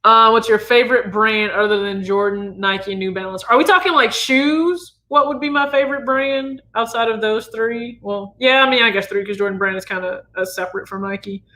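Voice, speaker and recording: Midwestern man, 30s, channel host; easygoing chat with a sharp, bright tone. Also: high-pitched, normal speed, few pauses. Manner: relaxed, chatty, reads viewer questions aloud. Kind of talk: casual livestream Q&A.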